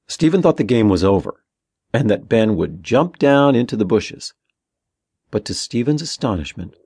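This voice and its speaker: Male audiobook narrator, gravelly, expressive lilt, dry close recording. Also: fairly low pitch, no echo. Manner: steady, measured storytelling. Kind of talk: scripted narration.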